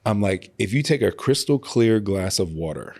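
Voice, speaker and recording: A man in his forties with a low, deep voice, speaking candidly as an interview guest. He talks in a loose, casual way full of fillers, and slows and softens when he reaches painful memories. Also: lively intonation. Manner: emotional, open, slows on heavy moments.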